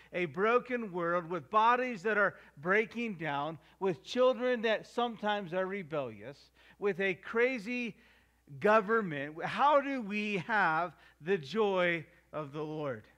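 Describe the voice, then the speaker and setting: Delivering a sermon, this middle-aged pastor acts out scenes from home in character voices and slows his pace to emphasize quoted scripture. He sounds animated, with a high-sitting voice and a fairly bright tone.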